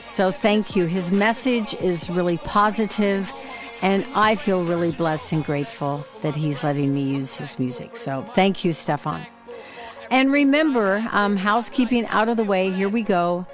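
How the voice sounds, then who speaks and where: A woman's voice: medium pitch, moderate pace, over music. A woman hosting a podcast, telling stories in a chatty, casual monologue. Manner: chatty, with frequent fillers and restarts. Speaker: podcast host.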